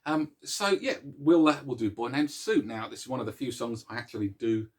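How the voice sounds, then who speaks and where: This is the host of a music series, a man running a laid-back show and chatting with viewers in a meandering, self-deprecating way, often restarting his sentences. His voice is mid-pitched, expressive, and quick.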